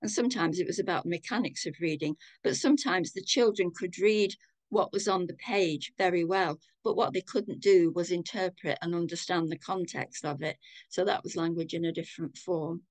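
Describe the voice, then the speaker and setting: An older woman with a Manchester accent, giving a thoughtful, measured personal account on a video call. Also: lowish voice, a little mellow, dry recording. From England. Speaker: community participant.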